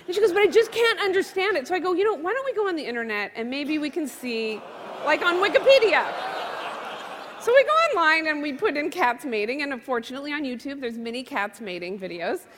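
A woman's voice: high-pitched, fairly quick. A middle-aged woman telling a stand-up comedy story before a live audience, acting out a child's questions. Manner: animated, acts out her daughter's questions. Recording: live hall with crowd noise.

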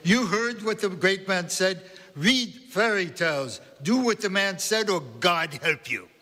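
A man voicing a tiny, pushy old grandmother with a Central European accent, loud and insistent. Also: mid-range voice, unhurried, pitched above the performer's own voice. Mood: bossy. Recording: long hall reverb.

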